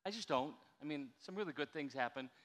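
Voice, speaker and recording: An older man preaching a sermon in a church, chatty and animated, coaxing his congregation to answer back. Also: fairly high pitch, a little fast. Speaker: pastor. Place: church sanctuary. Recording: reverberant church hall.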